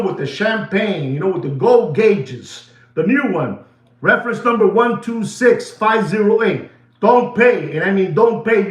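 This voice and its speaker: A man's voice: sits high, fairly bright tone, roomy sound. A man hosting a casual watch market update, emphatic and repetitive, swinging his voice up and down for drama.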